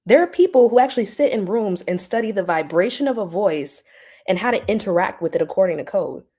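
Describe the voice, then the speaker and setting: A woman's voice: mid-range voice, expressive, fast talker, warm tone. A woman hosting a casual livestream, answering her chat with teasing remarks and frequent laughter. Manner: laughs often, teasing and mocking.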